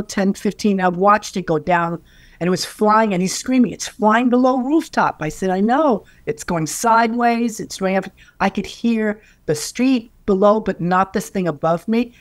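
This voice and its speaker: An older woman recounts memories for an interviewer with lively energy, jumping into the voices of the people in her story. Her pitch sits in the middle and the sound is close and dry. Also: dry recording. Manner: animated storyteller, acting out quoted voices. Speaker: interview guest.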